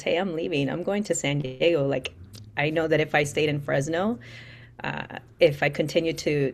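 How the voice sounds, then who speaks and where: A middle-aged woman, an interview guest from Central California, speaking reflectively with frequent restarts and soft laughs. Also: low voice. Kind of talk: interview conversation.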